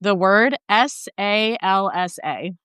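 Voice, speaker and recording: American woman host, friendly casual chat, smooth crisp voice, dry close mic. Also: mid-range voice, slow pace, fairly bright tone, no room sound. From United States. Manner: friendly, many backchannels. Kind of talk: casual conversation.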